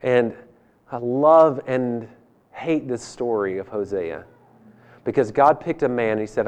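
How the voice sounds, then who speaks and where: A man in his thirties preaching, telling a funny personal story that swings between loud and hushed delivery. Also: medium pitch, measured pace. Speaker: pastor. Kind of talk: sermon. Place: church hall.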